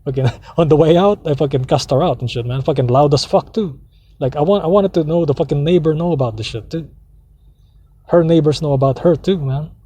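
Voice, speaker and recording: A man ranting in a rambling, heavily profane way from the seat of his parked car. His voice is mellow and warm in tone but husky around the edges. He keeps circling back, restarting, and swearing as he tells his story. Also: a little high, a little fast. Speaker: vlogger. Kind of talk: casual ranting monologue.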